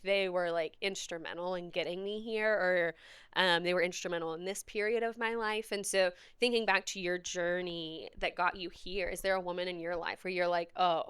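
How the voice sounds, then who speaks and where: A woman hosts a podcast with a very smooth, resonant, lowish voice. She asks her guest questions in a measured, thoughtful way. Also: a bit bright. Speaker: podcast host. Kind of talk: podcast interview.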